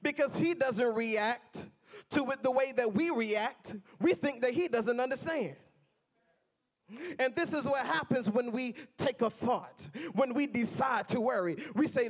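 A man's voice: very high voice, a little slow. A man preaching a sermon in a rhythmic, repetitive style, mixing humor with building refrains.

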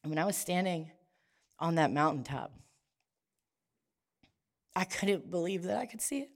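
A woman's voice: lowish voice, expressive, moderate pace. A woman preaching a sermon, telling a personal story in a conversational way with frequent restarts.

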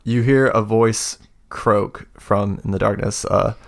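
A man narrating as game master of a tabletop game, halting and full of fillers. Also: lowish voice, fairly even intonation, gravelly.

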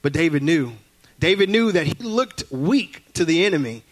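A man's voice: on the high side, lively intonation, normal speed. A man preaching a sermon as a guest speaker in a church, telling folksy stories and acting out family voices.

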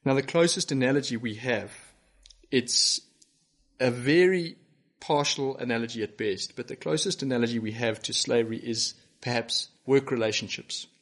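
A man's voice: medium pitch, normal speed, fairly bright tone. A man preaching a sermon to a broadcast congregation, earnest and emphatic, pressing his listeners with rhetorical questions. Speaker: pastor. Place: church broadcast to home viewers.

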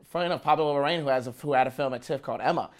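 A man's voice: mid-range voice, racing. A man, a film critic, giving emphatic, opinionated takes in a casual podcast chat, often restarting his sentences.

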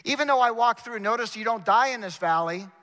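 A man's voice: extremely high pitch, brisk, sharp tone. A man preaching a sermon in a university chapel, emphatic, repeating words and speaking straight to the congregation. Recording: long reverb of a large chapel.

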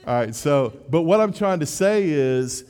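A man preaching with a slightly high voice, speaking casually and poking fun at himself as he goes, often stopping to restart a phrase. His words carry a long reverb from a large hall. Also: animated, unhurried, darkish tone, clean tone, soft background music. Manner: conversational, self-deprecating, with repeated restarts. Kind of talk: sermon.

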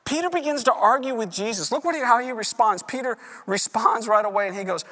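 A male pastor preaching an animated sermon, acting out the voices of the people he quotes. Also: very high voice, brisk, hardly any pauses. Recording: reverberant hall.

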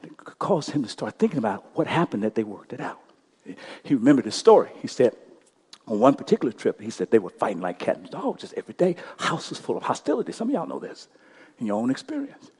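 A male pastor telling a story during a sermon, impassioned, swinging between loud bursts and hushed passages. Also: mid-range voice, big pitch swings, fast talker, slightly rough.

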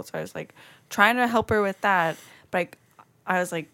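Casual chat woman, mid-pitched, laughs through her halting stories. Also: a bit bright.

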